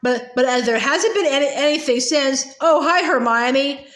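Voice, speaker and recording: A woman voicing a gossip-hungry teenage schoolgirl from a storybook, eager and chatty. Her high voice carries some room echo. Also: moderate pace, fairly bright tone. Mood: gossipy. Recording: roomy echo.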